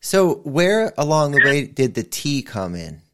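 A man's voice: on the high side, sing-song, unhurried, pushed and bright, smooth. A man hosting an interview, asking brief questions. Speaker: host.

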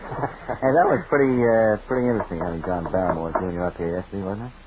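A man's voice: low-pitched, quick pace, noisy background. A man hosting a 1940s radio comedy show, speaking in a dry, easygoing announcer manner. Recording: tinny old radio broadcast with music.

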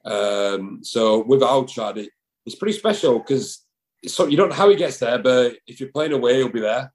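A man's voice: medium pitch, lively intonation, moderate pace, darkish tone, rough recording. A man, a rugby player chatting casually in an interview, rambling with lots of fillers and restarts. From England.

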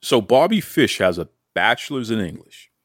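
A man with a fairly low voice hosts an interview show, asking his questions with playful enthusiasm. The sound is dry and close, with no room echo, and he teases his guest in a friendly, upbeat way. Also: very animated, moderate pace. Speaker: podcast host. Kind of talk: podcast interview.

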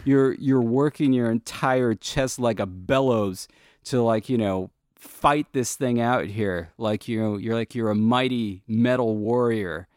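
A man's voice: mid-range voice, a little slow, a little mellow, smooth, no echo. A man being interviewed as a guest, casually explaining and coaching someone through pronunciation. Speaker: language creator, guest.

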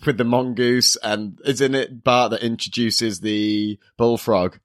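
A man's voice: medium pitch, steady tone, no echo. Giggly male podcast co-host, dry sound. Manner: giggly, quick to laugh, self-correcting. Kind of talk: casual chat.

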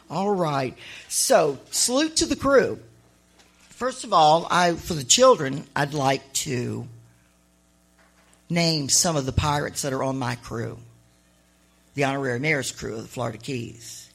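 Husky, gravelly woman telling stories on stage. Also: low voice, a little slow, pauses often. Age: middle-aged. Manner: chatty, animated, laughing asides. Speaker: author and honorary mayor addressing an audience. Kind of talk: live storytelling on stage. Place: live event on a stage.

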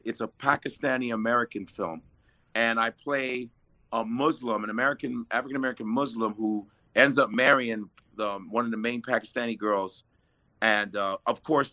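A man, an actor being interviewed, chatting casually and telling lively stories with laughs. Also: mid-range voice. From Nigerian parents. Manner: animated storyteller, laughs often. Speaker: actor guest.

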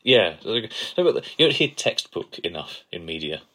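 Co-host, man, very low voice, playful and gushing. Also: very animated, moderate pace, pushed and bright. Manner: playful, enthusiastic, gushes over quotes. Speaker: podcast co-host. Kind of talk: casual chat.

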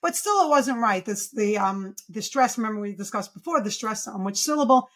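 Brief: woman, pediatric speech therapist guest, eager and emphatic, voice sits a little high. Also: lively intonation, fairly quick. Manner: enthusiastic, emphatic, explains with rhetorical questions. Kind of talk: podcast interview.

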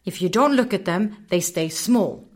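Woman voicing stern male guide, commanding, slow firm delivery, storybook. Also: medium pitch, lively intonation. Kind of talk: children's storybook reading.

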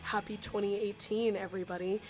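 A woman's voice: mid-range voice, little pitch movement, fairly quick, a little mellow. Casting: woman podcast host, head cold, playful and chatty, faint music behind. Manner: playful, laughs easily. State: has a cold. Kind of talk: casual interview chat.

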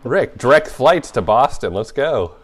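A man's voice: mid-range voice, big pitch swings, unhurried. A young man co-hosting a casual movie podcast, laid-back and joking, laughing often as he chats. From Atlanta area. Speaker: podcast co-host.

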